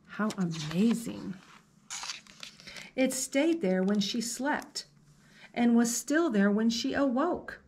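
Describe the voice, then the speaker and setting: A woman librarian reading a picture book aloud to children, slow and gentle, stopping to ask the listener questions. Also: a little high, lively intonation, a little hiss or hum.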